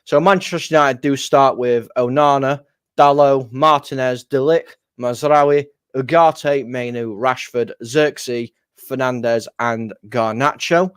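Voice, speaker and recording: A man's voice: mid-range voice, steady tone, a little slow, smooth, dry recording, studio quality. A man hosting a football watchalong, blunt and argumentative with the other fans. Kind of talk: casual watchalong banter.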